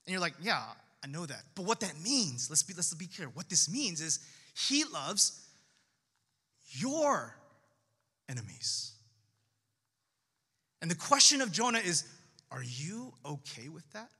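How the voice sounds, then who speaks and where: A man preaching a sermon as pastor, animated and conversational, acting out quoted voices. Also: high voice, slow, long pauses, husky, long reverb tail.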